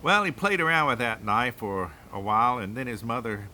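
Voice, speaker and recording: An older man tells a folk tale in a relaxed, rambling way, filling his pauses with "uh." His voice is bright and forward. A faint hiss sits behind him. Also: medium pitch. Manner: folksy, rambling, with fillers. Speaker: grandfather storyteller. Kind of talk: folk tale told aloud.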